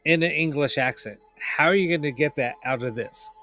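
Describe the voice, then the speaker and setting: A man's voice: fairly high pitch, brisk, a bit bright, faint music behind. Rambling man on a live stream. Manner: rambling, many restarts and fillers. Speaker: paranormal investigator. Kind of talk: casual live-stream chat.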